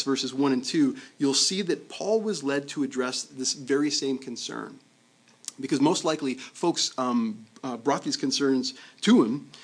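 A man preaching a sermon in a conversational way. He often checks in with the congregation and repeats words as he goes. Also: mid-range voice. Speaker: pastor.

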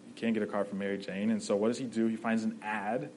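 A man's voice: fairly low pitch, level tone, fast, a little mellow, a little hiss or hum, rough recording. A man preaching a sermon in a conversational way, often checking in with "right?" and restarting his phrases.

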